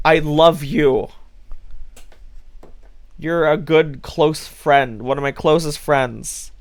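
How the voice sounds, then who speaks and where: A man streaming live, bluntly lecturing his chat with lots of swearing. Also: fairly high pitch. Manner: blunt, scolding, swears freely.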